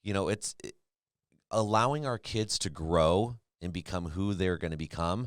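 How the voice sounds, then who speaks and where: A man with a very low voice chats on a family podcast, earnest and advice-giving. He restarts and repeats phrases as he thinks aloud. The sound is close and dry, with no room echo. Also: moderate pace. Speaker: podcast co-host. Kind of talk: casual podcast conversation.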